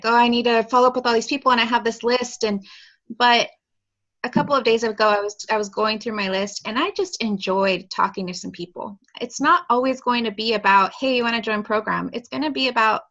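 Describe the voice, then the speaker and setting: Uma mulher, coach de saúde, dando dicas à equipe de forma simpática e encorajadora. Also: female voice, a little high, a bit bright, highs cut off. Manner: friendly and encouraging. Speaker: health coach sharing tips. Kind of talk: casual team presentation.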